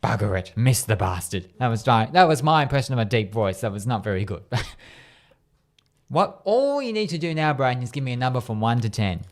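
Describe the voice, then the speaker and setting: A man's voice: medium pitch, very animated, a little fast. A man with an Australian accent hosting a radio show, telling a long joke in a chatty way and laughing at his own punchlines. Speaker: radio host. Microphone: studio microphone.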